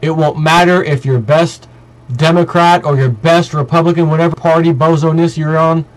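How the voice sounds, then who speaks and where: A man with a somewhat high voice delivers a heated video monologue to camera. He rants emphatically, stacking up long repetitive lists as he drives each point home. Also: steady tone, moderate pace, poor audio. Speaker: vlogger.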